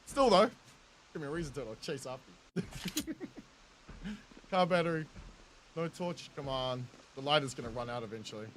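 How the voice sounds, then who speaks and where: A man's voice: fairly high pitch, lively intonation, moderate pace, long pauses, fairly bright tone, slight background noise. A man in his thirties with a New Zealand accent, chatting with viewers in casual, jokey gameplay commentary, laughing often and swearing freely. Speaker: game streamer.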